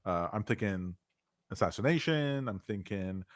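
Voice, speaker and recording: A man from Canada co-hosting a casual, jokey podcast chat, talking with excitable energy. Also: fairly low pitch, moderate pace. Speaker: podcast co-host.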